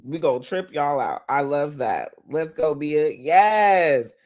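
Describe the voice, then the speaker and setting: Speaking slowly in a deep voice, this female business coach hosts a motivational live stream in a casual, animated way. She talks straight to her viewers, reads out their comments, and alternates quieter asides with loud, emphatic bursts.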